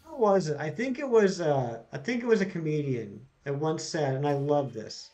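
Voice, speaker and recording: A man's voice: fairly high pitch, lively intonation, moderate pace, darkish tone. Chatty man streaming games live. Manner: chatty, reads out chat jokes and greets viewers. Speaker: streamer reading live chat. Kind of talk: casual live-stream chat.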